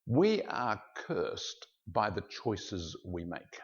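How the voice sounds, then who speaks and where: Male pastor, gravelly voice, animated storytelling sermon, lo-fi recording. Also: lowish voice, drawn-out words. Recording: dull lo-fi sound.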